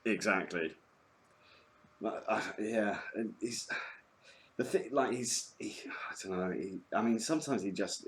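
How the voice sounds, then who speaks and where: A man with a very low voice chats as a guest. He speaks in halting bursts, stopping and restarting his thoughts, and throws in crude jokes. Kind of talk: casual podcast chat.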